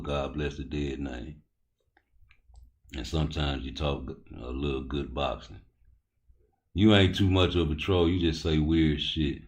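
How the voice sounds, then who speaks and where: A man hosting a live boxing talk stream, rambling loosely and cursing as he answers his chat. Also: extremely low pitch. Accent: Baltimore. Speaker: boxing talk show host.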